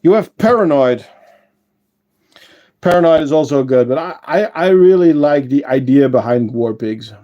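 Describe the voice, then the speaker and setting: A man hosting a casual livestream, chatting with viewers and answering their comments, unhurried and full of fillers and self-corrections. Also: medium pitch, expressive, warm tone, muffled recording. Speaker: ant-keeping channel host and shop owner.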